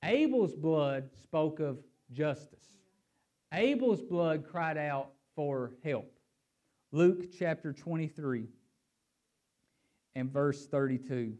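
A man's voice: fairly high pitch, takes it slowly, pauses often. A man preaching a sermon and reading scripture aloud. He swings his emphasis up and down and repeats words as he thinks aloud. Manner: animated, rising and falling emphasis.

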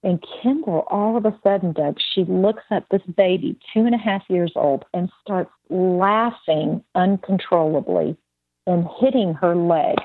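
A woman's voice: fairly low pitch, a little slow, dry recording. A woman sharing a spoken testimony as a guest, telling her story vividly and acting out the voices of the people in it. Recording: dry tinny phone-like line.

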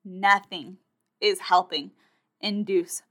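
A woman's voice: mid-range voice, slow pace. Chatty young woman telling a story. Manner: animated, acts out her own and others' quotes, many fillers like "like". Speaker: vlogger sharing her birth story. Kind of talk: casual personal storytelling.

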